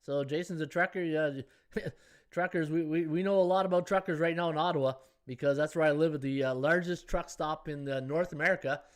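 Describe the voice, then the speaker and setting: A man's voice: on the high side, fairly even intonation, brisk. A middle-aged man hosting a sports betting live stream, chatting casually and rambling through viewer comments. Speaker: sports betting podcast host.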